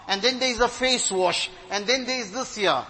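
A man's voice: extremely high pitch, moderate pace, sharp tone, low-quality recording. A man preaching a sermon, earnest and exhorting, telling stories with retold dialogue.

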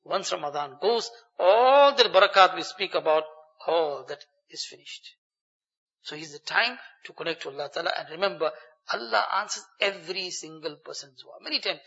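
A man's voice: sits high, animated, normal speed, gravelly, sharp tone, big-room sound, highs cut off. A male Islamic preacher giving an earnest Ramadan sermon, repeating phrases for stress and reciting Arabic verses.

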